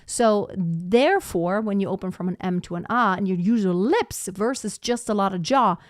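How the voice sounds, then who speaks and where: A woman's voice: medium pitch, moderate pace, dry recording, clean studio sound. A woman voice teacher giving a live singing lesson, explaining technique and breaking into short sung demonstrations.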